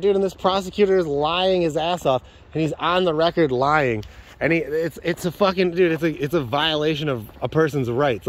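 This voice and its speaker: A young man with a high, raised voice, ranting furiously about the way he was treated. He swears constantly and strings his complaints together in long, breathless run-ons, his anger never letting up. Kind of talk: angry venting rant.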